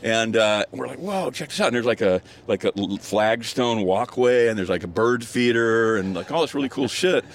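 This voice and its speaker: A man's voice: lowish voice, normal speed, few pauses. An older man telling a rambling story while walking outdoors on a hillside, full of fillers and restarts. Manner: rambling, many restarts and fillers, laughs often. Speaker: guest storyteller. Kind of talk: casual storytelling on a walk.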